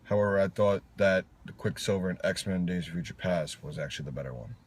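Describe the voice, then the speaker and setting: A man's voice: low-pitched, expressive, fast talker, creaky. A man giving opinionated ratings in a casual chat, teasing his friend and stretching out words for emphasis. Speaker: co-host reviewing films. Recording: faint background noise.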